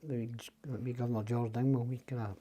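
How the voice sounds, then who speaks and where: Gruff Scottish man spinning a yarn. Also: medium pitch, flat delivery, fast, dark tone. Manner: swears freely, acts out quoted voices. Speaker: podcast guest. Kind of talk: casual storytelling.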